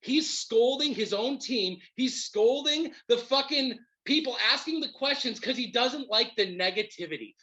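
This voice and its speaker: A man ranting on his podcast with a lively, swinging delivery and a bright, forceful edge. He swears freely and builds heat as he goes, and the recording sounds slightly dull and lo-fi. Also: extremely high pitch, normal speed, few pauses. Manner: profane, heated, animated rant. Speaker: podcast host. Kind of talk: ranting sports fan commentary.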